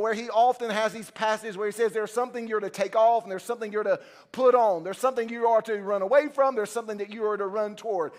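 High-voiced man preaching with fervor. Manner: impassioned, emphatic preaching with building repetition. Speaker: senior pastor. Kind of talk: sermon. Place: church service.

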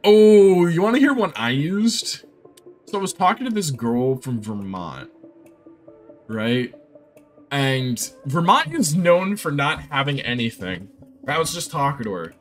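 A young man live-streaming a game, chatting casually and telling rambling, excitable stories. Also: on the high side, unhurried, soft background music.

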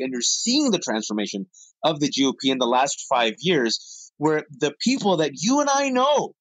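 A man, a columnist guest, telling political anecdotes with lively energy and addressing the audience directly. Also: on the high side, no room sound, poor audio. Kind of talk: animated political storytelling.

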